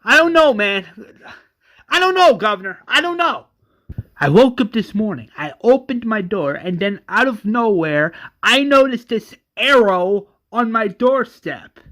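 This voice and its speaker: A man voicing an angry, grieving adult brother who yells and stammers. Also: sits high, lively intonation, drawn-out words, pauses often, exaggerated voice. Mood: frantic. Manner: yelling, stammering, bitter.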